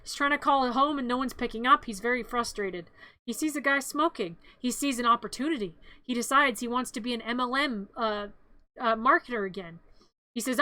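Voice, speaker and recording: A woman streamer giving a comedic movie recap, playful, jumping into loud excited outbursts. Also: fairly high pitch, brisk, no echo.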